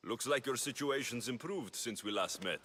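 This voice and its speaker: An actor playing a steady male mercenary hero in a video game, calm and matter-of-fact. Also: medium pitch, moderate pace, a little hiss or hum, lightly acted.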